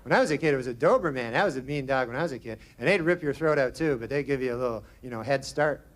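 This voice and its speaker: A young man from Canada doing a stand-up set in a small comedy club, with a dry deadpan delivery and drawled asides. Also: medium pitch, rapid-fire. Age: young adult. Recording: noisy club recording with crowd. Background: audience laughter.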